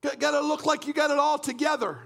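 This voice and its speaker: A man from Canada preaching a fervent sermon, often shouting and repeating phrases in a church. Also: extremely high pitch, steady tone, fast talker, vocal fry. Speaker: pastor.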